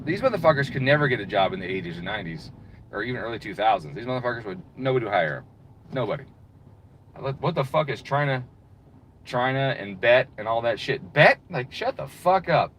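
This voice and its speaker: A man's voice: mid-range voice, sing-song, a little fast, a bit bright, slight background noise, poor audio. A man delivering a heated, profane, exasperated rant as a channel host. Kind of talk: profane ranting monologue.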